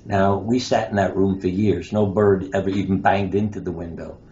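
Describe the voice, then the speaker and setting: A very deep-voiced man tells anecdotes as an interview guest, slipping into the voices of the people in his stories. The sound is dull and lo-fi, with a faint hiss behind him. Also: steady tone, moderate pace, warm tone. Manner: anecdotal, acts out quoted lines. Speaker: guest, pediatric surgeon and author. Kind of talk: interview storytelling.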